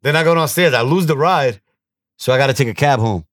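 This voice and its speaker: A young man co-hosting a podcast, telling crude stories loudly and mimicking other people's voices. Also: mid-range voice, a little fast, no echo. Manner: loud, profane storytelling with mimicked voices. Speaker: podcast co-host. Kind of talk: casual crude podcast chat.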